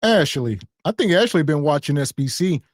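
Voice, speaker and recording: A man's voice: fairly high pitch, very animated, normal speed, dry recording, clean studio sound. A man hosting a podcast, wryly commenting on clips in casual talk. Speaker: podcast host.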